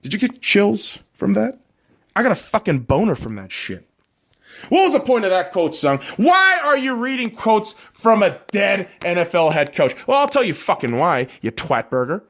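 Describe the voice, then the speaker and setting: A man hosting his own podcast, ranting loudly with heavy swearing and exasperation. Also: sits high, sing-song, moderate pace. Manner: loud, profane, exasperated ranting. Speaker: podcast host.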